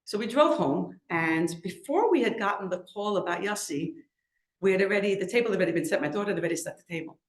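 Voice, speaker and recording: Middle-aged woman guest speaker, telling her own story, earnest, says "like" a lot, mid pitch, echoey room. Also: expressive, fast. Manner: conversational and earnest, with frequent "like" and "you know". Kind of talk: personal storytelling talk. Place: event hall with a live audience.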